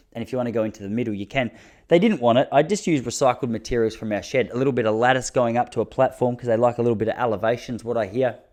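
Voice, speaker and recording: A man's voice: mid-range voice, darkish tone. A man in his thirties with an Australian accent, hosting a podcast in a rambling, casual solo monologue full of slang. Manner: rambling storytelling with slang and restarts. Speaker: podcast host.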